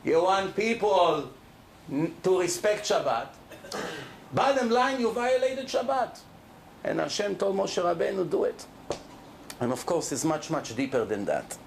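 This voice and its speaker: A middle-aged rabbi giving a lively Torah lecture to a live audience, speaking emphatically and throwing questions at the listeners. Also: male voice, high-pitched, unhurried, gravelly, slight background noise.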